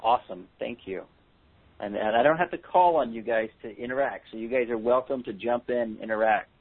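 A man's voice: medium pitch, a little fast, husky. A man hosting a handwriting analysis seminar with callers, explaining in a chatty way with joking asides. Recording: tinny phone-line audio.

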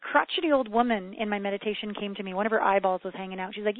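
A woman's voice: mid-range voice, very fast, no room sound. Woman in her forties on a tinny line. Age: 40s. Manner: warm backchannels, lively storytelling, laughs often. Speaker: podcast host, relationship coach. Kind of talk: conversational interview. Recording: tinny phone-like line, dry.

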